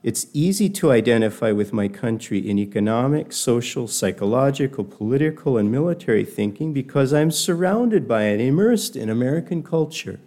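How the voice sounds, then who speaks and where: A man's voice: mid-range voice, lively intonation, normal speed, hardly any pauses, dark tone. An older man giving a reflective personal talk, telling stories in a thoughtful, digressive way.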